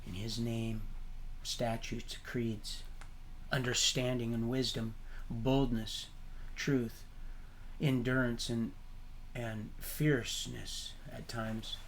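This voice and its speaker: A man hosting a livestream, rambling from topic to topic in an animated, preachy way and laughing at his own remarks. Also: medium pitch, slow pace, long pauses, a little hiss or hum. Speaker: livestream host.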